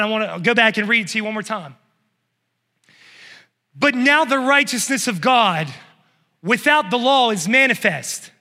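Fervent male preacher, high bright voice, long hall reverb. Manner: fervent, building to shouts. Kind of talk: sermon.

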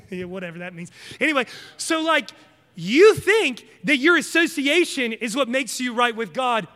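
Guy preaching in a big echoey church, high bright voice, talks right at the crowd. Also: big pitch swings, unhurried. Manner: emphatic, conversational, addresses congregation directly. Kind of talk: sermon.

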